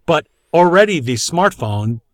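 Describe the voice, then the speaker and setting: A man's voice: on the high side, sing-song, unhurried, a bit bright. A middle-aged man of Greek heritage co-hosting a podcast, rambling in a wry, opinionated way. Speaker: podcast co-host. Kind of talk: casual chat.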